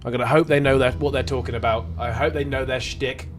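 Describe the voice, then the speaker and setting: A young man commentating casually on a live game stream, jokey, excitable and swearing freely. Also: mid-range voice, fast talker, loud music behind the voice.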